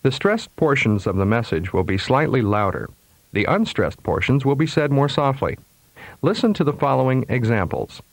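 A man reading scripted pronunciation instructions in a measured, precise way, like a language course tape. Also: mid-range voice, sing-song, gravelly, no echo. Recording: dry studio recording.

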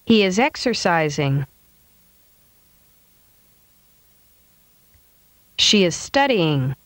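Woman enunciating drill sentences, lively pitch. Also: no echo. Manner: slow, carefully enunciated, exaggerated intonation. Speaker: model speaker for drills. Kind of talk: reading example sentences. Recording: dry studio voice-over.

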